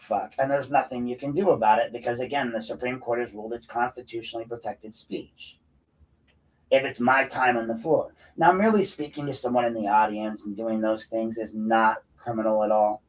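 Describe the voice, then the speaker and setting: A combative man rants through an unscripted podcast, swearing freely and climbing into loud, heated bursts. His voice sits at an everyday middle pitch. He sounds a little distant from the microphone. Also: steady tone, a little fast. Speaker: podcast host. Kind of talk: unscripted ranting monologue.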